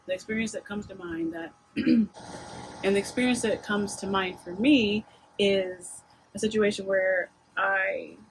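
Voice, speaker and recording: A woman vlogger in her thirties shares a personal story in a loose, confessional way. She stumbles and restarts as her feelings rise, her voice sitting at an ordinary middle pitch. A faint household hum sits behind her. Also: fairly even intonation, rough recording. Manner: emotional, halting, with many restarts. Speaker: vlogger mom. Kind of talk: casual confessional vlog talk.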